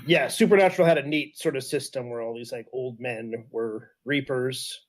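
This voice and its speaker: A man's voice: mid-range voice, normal speed. A Canadian man co-hosting a casual podcast, explaining things in an enthusiastic, rambling way full of fillers. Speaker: podcast co-host. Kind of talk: casual chat.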